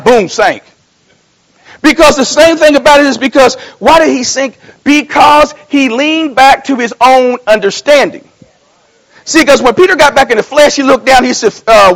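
Male pastor, strikingly high pitch, folksy storyteller who builds to loud exhortation. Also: expressive, moderate pace, rough recording. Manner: repeats and restarts phrases. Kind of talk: sermon.

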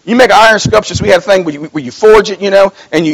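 A man preaching a sermon as pastor, telling homespun stories, dropping low and then rising into loud calls to the congregation. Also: lively intonation, quick pace, creaky, poor audio. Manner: folksy storytelling, swings from low mumbling to loud exhortation; repeats and restarts phrases.

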